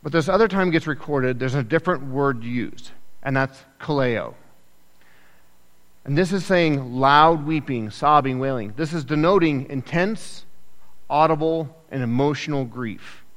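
A man preaching a sermon in a conversational, animated way, acting out the people in the story with quick asides. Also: mid-range voice. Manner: animated, acts out quoted voices, conversational asides. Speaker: pastor. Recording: echoey hall with long reverb.

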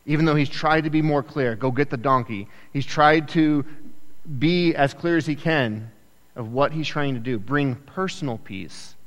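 Animated male pastor preaching in an echoey hall. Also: a little high, moderate pace. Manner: animated, acts out quoted voices, conversational asides. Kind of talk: sermon. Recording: echoey hall with long reverb.

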